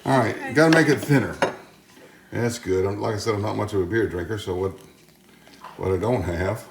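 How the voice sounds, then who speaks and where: In his home kitchen, a man hosting a cooking channel rambles through a demonstration, dropping folksy jokes as he goes. His fairly low, creaky voice moves fairly quickly with frequent pauses, and the echoey room is noisy with clattering pots.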